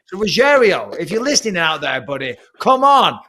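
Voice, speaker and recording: Male pundit, high-pitched, lively joker in casual studio banter. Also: moderate pace. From Britain. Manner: animated, jokey storytelling. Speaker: studio pundit and former fighter.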